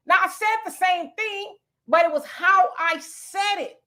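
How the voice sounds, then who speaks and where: High bright-voiced woman talk host. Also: measured pace. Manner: emphatic, lecturing, explains step by step. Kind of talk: opinion talk show commentary.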